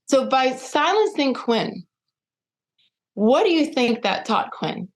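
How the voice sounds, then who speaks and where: A middle-aged woman speaking as a podcast guest, telling a personal story with lively, acted-out dialogue. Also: fairly high pitch. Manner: animated, acts out quoted dialogue.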